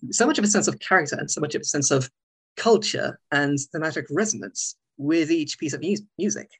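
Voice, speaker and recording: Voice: mid-range voice, animated, fairly quick, breathy edge. A co-host in a casual film discussion who speaks earnestly and analytically. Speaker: podcast co-host.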